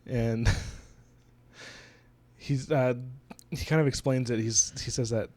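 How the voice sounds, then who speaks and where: A man's voice: mid-range voice, takes it slowly, a little mellow, no echo. Man retelling a story in casual chat. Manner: retells the plot at length, acting out characters' lines. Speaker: book podcast co-host.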